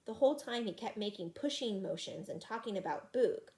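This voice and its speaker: A woman reading a children's chapter book aloud in an expressive, animated way. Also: mid-range voice, brisk. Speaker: reader.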